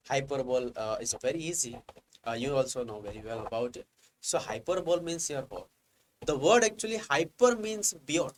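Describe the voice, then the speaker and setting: A man teaching English grammar from slides, explaining step by step, asking himself "what happened here" and reading examples out slowly. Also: medium pitch, a little hiss or hum, rough recording. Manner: reads examples slowly, stressing key words. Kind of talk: slide-based grammar lecture.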